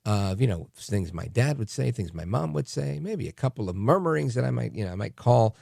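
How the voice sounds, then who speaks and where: A man hosting a talk radio show, delivering a sarcastic, animated monologue. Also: medium pitch, brisk, gravelly, no room sound, studio quality. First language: English. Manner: animated and sarcastic, mocking voices in quotes.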